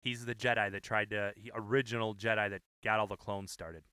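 A man's voice: fairly low pitch, flat delivery, brisk, pushed and bright, smooth, no echo, clean studio sound. A man co-hosting a podcast in casual chat, often stumbling and repeating words and laughing easily. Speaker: podcast co-host.

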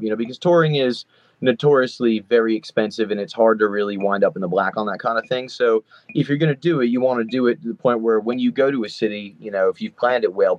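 A man's voice: medium pitch, dry recording. A man from Long Island, a guest musician, chatting casually in an interview over a video call, with lots of fillers. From Long Island, New York. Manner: rambling, lots of fillers and likes. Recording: dull lo-fi remote audio.

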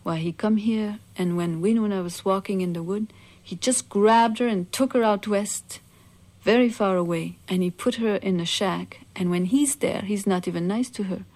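A woman's voice: mid-range voice, moderate pace, darkish tone, lightly acted. A small kindly eagle, as a woman tells him. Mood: earnest.

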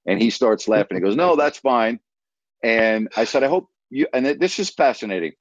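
A man from New York, a TV sports announcer, telling an animated story in casual conversation and acting out the quotes. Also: on the low side, fairly quick, no room sound, lo-fi sound. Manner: animated anecdote teller, acts out quotes.

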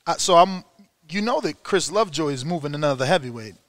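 A man co-hosting a casual boxing talk show, slangy and animated, often acting out quotes. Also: fairly high pitch, fast talker, no room sound. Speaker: boxing podcast co-host. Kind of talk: casual chat.

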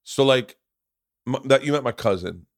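A middle-aged man hosts a loose interview podcast. He talks in winding, self-correcting bursts and swears casually. His voice sits mid-pitch, close on a dry mic. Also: animated, moderate pace, dry recording. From Florida. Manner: rambling, many restarts, swears freely. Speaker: podcast host.

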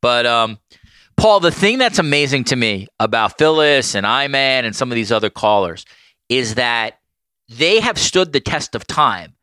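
A New York podcast host talks with an eager, animated energy, tossing in quick asides. His voice is bright and forceful, recorded close and dry, with an ordinary middle pitch. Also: smooth, no echo. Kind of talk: interview podcast.

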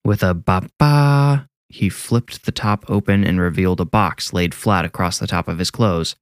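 A young man reads a horror story aloud in a steady, measured way. His voice sits low. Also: clear, resonant tone, dry recording, clean studio sound. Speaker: narrator.

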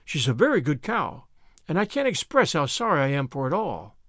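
A man's voice: fairly high pitch, big pitch swings, fairly quick, a bit bright, no echo, studio quality. A man reading aloud and voicing an impulsive teenage girl who talks in earnest, gushing runs. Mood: earnest, apologetic. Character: eager talkative teenage girl, impulsive and apologetic.

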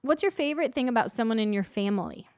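A woman in her thirties talks in a casual, animated way and laughs often. Her voice sits fairly high. The sound is close and dry, with no room around it. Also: quick pace, dry recording. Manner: animated, laughs often, emphatic when irritated. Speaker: podcast co-host. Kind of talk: casual chat.

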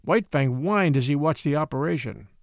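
A man reading a classic novel aloud in measured storytelling style. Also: a little high, lively intonation, no echo, clean studio sound. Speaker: audiobook reader.

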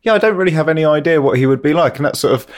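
A man's voice: a little high, animated, very fast. A man hosting a podcast, casually musing aloud and tossing ideas to his guest. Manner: tentative, musing, lots of fillers. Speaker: podcast host. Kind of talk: casual chat.

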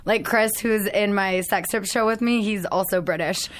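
A woman's voice: mid-range voice, moderate pace. A woman hosting a podcast, chatting casually in a bubbly, talkative way. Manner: bubbly, chatty, laughs often. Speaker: podcast host. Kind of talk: casual chat.

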